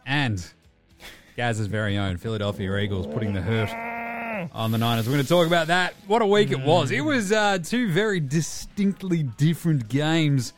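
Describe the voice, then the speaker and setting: A man's voice: on the high side, expressive, soft background music. A man with an Australian accent hosting a sports podcast in a jokey, chatty way. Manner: jokey, fast and chatty with fillers. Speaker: podcast host. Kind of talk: casual sports podcast chat.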